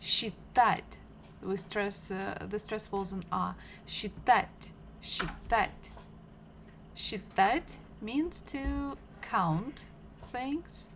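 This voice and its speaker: Woman streaming a language lesson from home, unhurried and patient, repeats each word, faint typing behind her. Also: medium pitch, vocal fry, a little hiss or hum. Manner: slow, patient, repeats words several times, chats with viewers. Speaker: Russian language teacher.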